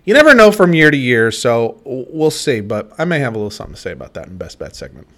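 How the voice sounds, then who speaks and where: Man, casual sports chat, relaxed, rambling, hedging, podcast co-host. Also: mid-range voice, quick pace.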